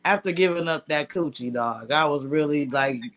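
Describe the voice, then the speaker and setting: A woman's voice: low-pitched, moderate pace, over a noisy crowd. A woman hosting a podcast, telling loose, profane stories in casual chat and talking straight to listeners. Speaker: podcast host.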